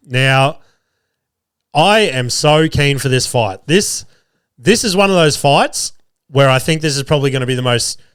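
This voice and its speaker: Aussie guy under the weather rambling fight picks, swears a lot, smooth voice, dry studio sound. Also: mid-range voice, no room sound. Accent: Australian. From Australia. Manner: rambling, swears often, many restarts and fillers. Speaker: podcast host. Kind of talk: casual sports betting chat. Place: small studio. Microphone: studio mic.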